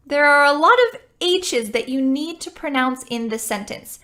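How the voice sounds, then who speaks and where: A woman teaching English pronunciation, speaking clearly and slowing down to model sounds for learners. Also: sits high, lively intonation, sharp tone. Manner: slow, deliberate modeling of sounds. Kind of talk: pronunciation lesson.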